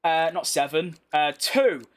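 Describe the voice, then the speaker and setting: A man's voice: a little high, lively intonation, unhurried, a bit bright. A young British man chatting casually over racing game footage, bluntly answering viewer comments with slangy banter. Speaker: gaming YouTuber. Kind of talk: casual gameplay commentary reading chat.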